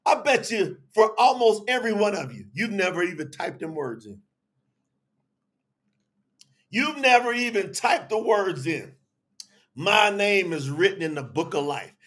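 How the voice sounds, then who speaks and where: A preacher man leads an online service with an unusually high, husky voice that swings widely in pitch. He stretches his words out slowly for emphasis, then bursts into shouts as he calls out to viewers by name. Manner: slow drawn-out emphasis, sudden shouts. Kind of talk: livestreamed sermon with chat.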